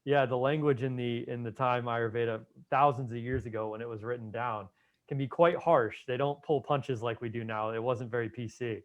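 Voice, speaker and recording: A man's voice: mid-range voice, steady tone, normal speed, highs cut off. A man who is an Ayurvedic doctor, chatting casually as an interview guest, with lots of "you know" fillers.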